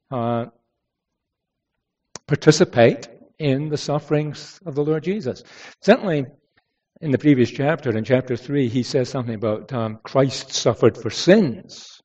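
Mellow-voiced man preaching, distant lo-fi sound. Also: medium pitch. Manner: measured, conversational preaching with rhetorical questions and frequent restarts. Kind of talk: sermon. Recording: dull lo-fi sound from some distance.

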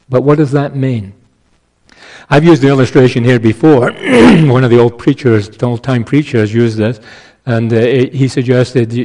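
Mellow-voiced male preacher. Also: medium pitch, rough recording. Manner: measured, emphatic, with small restarts. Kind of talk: expository sermon.

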